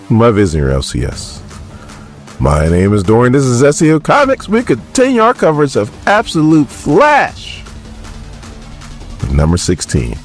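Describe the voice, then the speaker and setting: A man hosting his own channel, recapping a comic book issue in a chatty, animated way and laughing as he retells scenes. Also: sits low.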